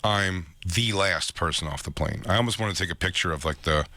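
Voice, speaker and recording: A man's voice: deep voice, a little fast, pushed and bright, no room sound. A man hosting a radio talk show, telling a rambling, profane story in casual chat. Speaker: radio show host and comedian.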